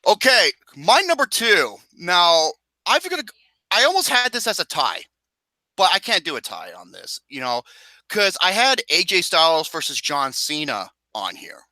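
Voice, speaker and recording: A man hosting a casual ranking chat, ranting with plenty of profanity in an animated, exasperated way. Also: high-pitched, normal speed, dry recording. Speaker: podcast host.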